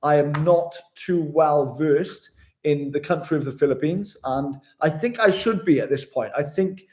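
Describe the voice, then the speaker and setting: A man's voice: fairly high pitch, unhurried, darkish tone, a little hiss or hum. A man, chatting casually on a live stream as a travel vlogger, reading out viewer comments in a matey way.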